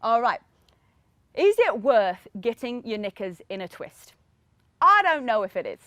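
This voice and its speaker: A woman's voice: a little high, big pitch swings, unhurried, pushed and bright, no room sound. A woman in her thirties hosting a motivational podcast, talking energetically, often asking "right?" and laughing now and then. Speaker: podcast host. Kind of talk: motivational solo podcast talk.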